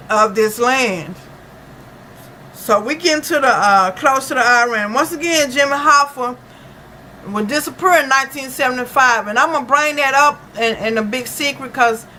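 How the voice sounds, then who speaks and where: Woman, true-crime commentary, off-the-cuff monologue, bright clear tone, lots of fillers, faint background noise. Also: on the high side, rough recording. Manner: halting, full of uh and you know fillers. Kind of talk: unscripted monologue reading from notes. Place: lives in Dallas.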